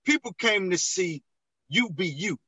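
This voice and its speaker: High-voiced man giving advice, dry sound. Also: lively intonation, unhurried, bright, forceful tone, breathy edge, no echo, low-quality recording. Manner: preachy, repeats phrases for emphasis. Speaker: comedian. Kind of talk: casual chat.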